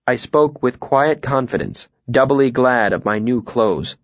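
A man reading a first-person novel aloud in a calm, even, reflective way. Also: medium pitch, a little slow, few pauses, no room sound, muffled recording. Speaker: audiobook narrator.

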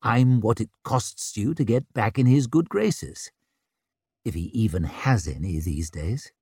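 A man's voice: on the low side, expressive, unhurried, a little mellow, slightly rough, no echo, clean studio sound, full character voice. A man voicing a wry, formally polite young prince with an ironic edge.

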